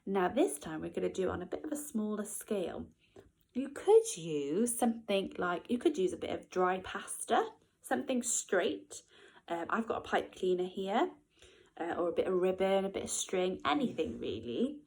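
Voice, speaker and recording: A woman, a nursery teacher, reading a storybook to young children expressively, with gasps and hushed whispers. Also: mid-range voice, sing-song, normal speed, rough recording.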